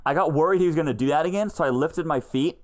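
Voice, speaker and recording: A young man co-hosting a casual podcast chat, telling animated stories and laughing often. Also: a little high, fast. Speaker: podcast co-host. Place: lives in Texas.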